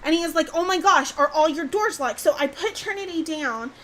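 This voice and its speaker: A woman's voice: high voice, fairly quick, a little hiss or hum, rough recording. A young woman, a podcast host animatedly telling a scary story in casual chat. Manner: animated, excitable, swears mildly.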